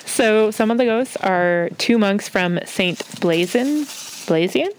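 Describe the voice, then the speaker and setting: A woman's voice: medium pitch, animated, takes it slowly, slight background noise, poor audio. A woman hosting a podcast, telling legends from her notes in casual chat with frequent laughter. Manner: giggly, storytelling with voiced asides. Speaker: podcast host.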